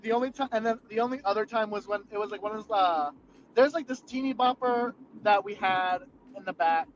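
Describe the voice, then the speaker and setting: A young man with a high voice talks briskly, rambling through profane work stories in casual chat packed with fillers. The recording is muffled and lo-fi, with noticeable background noise.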